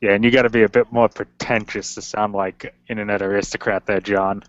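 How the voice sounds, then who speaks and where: Low, monotone man, matter-of-fact; muffled chat audio. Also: a little fast, slight background noise. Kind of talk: casual voice chat. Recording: dull lo-fi voice chat.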